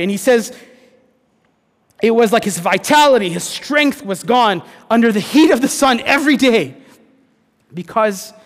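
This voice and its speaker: A man preaching a sermon as pastor, earnest, dropping to a hush and then rising to emphatic points. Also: high-pitched, in a large hall. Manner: earnest, swings between hushed and emphatic.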